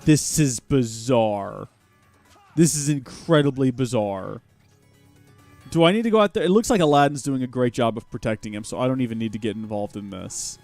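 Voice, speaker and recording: A man hosting a livestream of a video game, talking into a headset with joking, sarcastic asides. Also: medium pitch. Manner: animated, jokey, sarcastic asides. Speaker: gaming livestream host. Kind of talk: let's play commentary.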